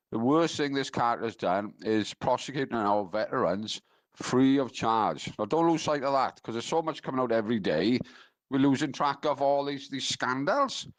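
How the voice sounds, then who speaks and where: A man's voice: medium pitch, normal speed, no echo. A man from Wales, calling in to a radio phone-in show and ranting angrily. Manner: angry, ranting. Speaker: caller.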